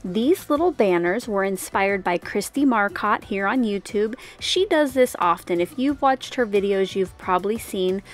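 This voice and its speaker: A woman's voice: medium pitch, animated, moderate pace, hardly any pauses. A woman hosting a card-making tutorial, explaining each step in a chatty, casual voice-over. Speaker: card-making channel host.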